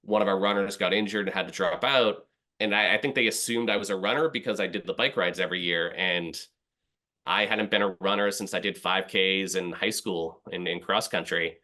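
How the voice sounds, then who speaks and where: Middle-aged guy from boston, low but bright voice, chatty and self-deprecating, acts out what he was thinking. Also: fairly even intonation, brisk. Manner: rambling, self-deprecating, acts out his past thoughts. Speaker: podcast guest. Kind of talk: casual storytelling.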